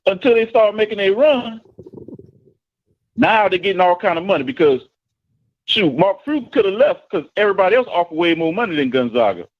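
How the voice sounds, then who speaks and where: A man calls in to a live show and talks in a lively, teasing way. His pitch moves a lot, a bit higher than usual, and the line sounds dull. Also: brisk. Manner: animated, teasing, explains at length. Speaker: caller, football coach. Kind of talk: casual call-in chat.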